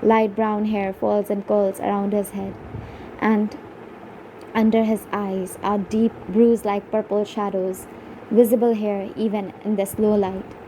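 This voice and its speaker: A woman reading a first-person audiobook in a hushed, suspenseful storytelling manner. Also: medium pitch, little pitch movement, measured pace, a little hiss or hum, poor audio. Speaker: audiobook narrator.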